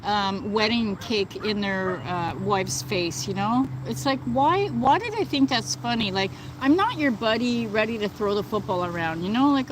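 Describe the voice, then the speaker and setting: Outdoors, with birds and thunder audible, a medium-pitched woman runs a casual livestream, indignantly responding to viewers. Her talk is full of fillers such as "like" and "you know," and background noise is present.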